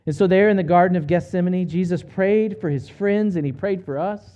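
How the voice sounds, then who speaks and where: A man preaching a sermon, retelling a story in an earnest, measured way with slow, emphatic pauses. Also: sits high, dark tone, lo-fi sound. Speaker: pastor.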